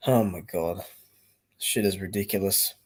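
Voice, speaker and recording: Slow-talking, blunt male streamer. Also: sits low, fairly even intonation, a little mellow, husky. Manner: blunt, rambling, swears freely. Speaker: boxing streamer. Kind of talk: casual live-stream commentary.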